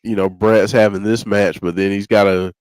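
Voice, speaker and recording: A man's voice: on the low side, normal speed, clear, resonant tone, no room sound. A man co-hosting a wrestling watch-along, chatting casually and chiming in with memories and agreement. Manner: relaxed, chimes in with agreement and recollections. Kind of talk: casual chat.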